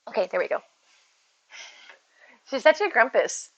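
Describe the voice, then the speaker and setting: A woman's voice: fairly high pitch, big pitch swings, measured pace, pauses often, a bit bright, rough recording. A woman streaming live from home, chatting casually and answering viewers' messages as she goes. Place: at home with her cats.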